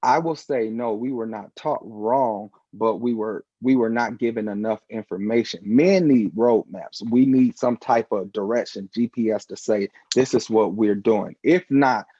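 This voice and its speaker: A man's voice: on the low side, a little slow, hardly any pauses, dry recording. A man telling a personal story in a casual panel conversation, acting out the voices of the people in it. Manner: animated, acts out the voices in his stories. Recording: dull, dry recording.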